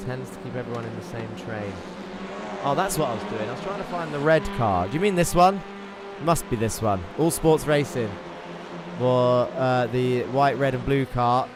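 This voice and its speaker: A man commentating an online sim race, excitable and chatty, reading out viewer messages between the action. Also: medium pitch, noisy background. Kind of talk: live esports race commentary.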